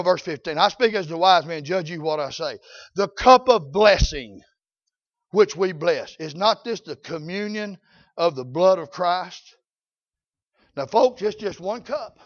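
Older preacher man, gravelly and husky, folksy shouting sermon, muffled lo-fi sound. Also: sits high.

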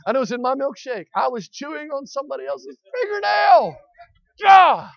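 A man's voice: very high voice, fast, gravelly, no room sound, dull audio. A middle-aged man preaching a sermon, telling a folksy story with frequent amens and rising to hollering.

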